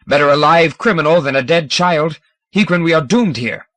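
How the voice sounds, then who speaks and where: A man's voice: a little high, normal speed, a bit bright, no room sound, pitched above the performer's own voice, natural voice. A man voicing a zealous, commanding alien patriarch who thunders his proclamations. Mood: thundering.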